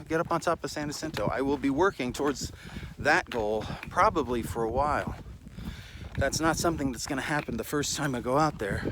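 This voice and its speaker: A tired, slightly out-of-breath man vlogs casually into a handheld camera as he hikes a desert mountain trail, his voice on the high side against background noise. He rambles, pokes fun at himself, and lets the occasional swear word slip.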